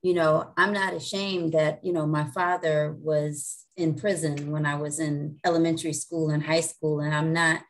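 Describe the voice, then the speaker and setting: A woman speaking candidly on a panel about her own experience. She talks steadily and uses frequent fillers. Her voice sits lower than most women's. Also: little pitch movement, normal speed, hardly any pauses. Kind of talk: personal reflection.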